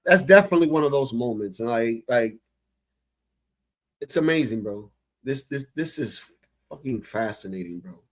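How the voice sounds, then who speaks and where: A man's voice: mid-range voice, expressive, moderate pace, pauses often. A man giving casual reaction commentary on a clip, talking to his chat in a profane, incredulous, exasperated rant.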